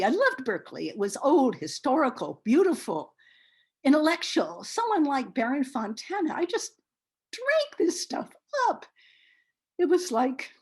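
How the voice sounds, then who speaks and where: Animated older woman with a husky voice. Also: mid-range voice. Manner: animated and expressive, often hesitant with fillers. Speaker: oral history interviewee. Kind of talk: oral history reminiscence.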